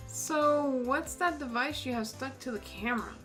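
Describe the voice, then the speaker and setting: A woman's voice: high-pitched, moderate pace, fairly bright tone, soft background music. Woman reading an earnest young lawyer's lines. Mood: questioning. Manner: plain questioning.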